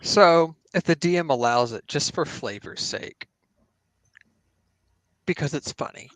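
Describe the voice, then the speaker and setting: A man's voice: fairly high pitch, lively intonation, a little slow, dry recording. A man playing a tabletop game who rambles jokily with a lot of "like". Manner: jokey, rambling with fillers.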